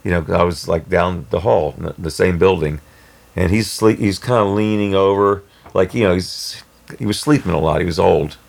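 A man telling a personal story in a rambling, halting way with many restarts. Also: sits low, gravelly. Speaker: storyteller guest. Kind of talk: casual spoken storytelling.

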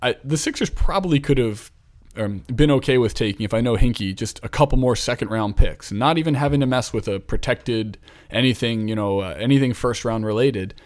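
A man's voice: mid-range voice, brisk, darkish tone. A man from Philadelphia hosting a casual basketball talk show, chatty and rambling as he thinks aloud. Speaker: basketball podcast host.

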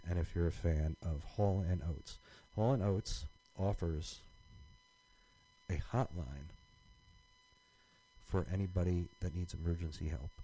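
A man's voice: sits low, dark tone, poor audio. A man co-hosting a podcast in casual chat, rambling with many restarts and fillers. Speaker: podcast co-host.

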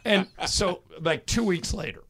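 A man hosting a sports talk show, telling stories in animated casual chat. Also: high voice, unhurried, breathy edge, dry recording. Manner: animated, laughing storyteller. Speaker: sports radio host.

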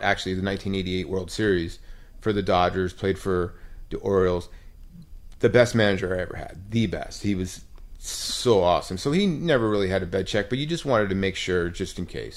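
A man's voice: low voice, brisk. A middle-aged man, a former ballplayer and podcast co-host, telling a long story in casual chat and acting out the voices of the people in it. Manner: animated anecdote teller who acts out quoted voices.

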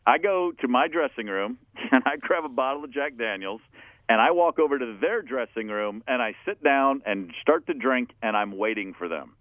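A man, a musician guest, telling an anecdote in a loose, animated way, swearing often and laughing at himself. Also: medium pitch, normal speed, no echo. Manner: animated, profane storyteller who laughs at himself. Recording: tinny phone-like dry sound.

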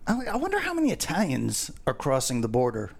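Rambling, cursing guy, lively pitch. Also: brisk, creaky. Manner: rambling, swearing, repeats words. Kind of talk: casual profane banter.

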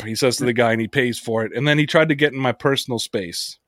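A man hosting a sports podcast, telling stories in a casual, profane, animated way. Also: mid-range voice, fast talker, no echo, studio quality. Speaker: podcast host.

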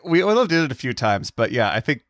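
A man's voice: mid-range voice, very animated, fast, fairly bright tone, dry recording. Chatty laughing man, dry close sound. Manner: chatty, laughs along, loses his thread. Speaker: podcast co-host. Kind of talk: casual chat.

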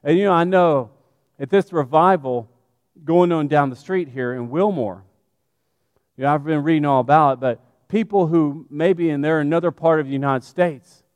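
A man preaching a sermon, animated and conversational, speaking straight to his congregation. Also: fairly high pitch, moderate pace, clear, resonant tone, no echo, long reverb tail.

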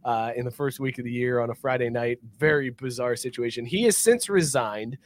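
A man hosting a sports podcast, ranting in a brash, profane, excitable way. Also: mid-range voice, fairly quick. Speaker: podcast host. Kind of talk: casual sports podcast banter.

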